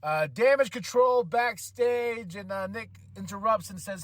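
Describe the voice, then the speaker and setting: A man hosting a podcast, casually recapping a wrestling show, animated and quick to laugh as he acts out what the wrestlers said. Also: sits high, no room sound. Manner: animated, acts out quotes in changing voices, laughs often. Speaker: podcast host.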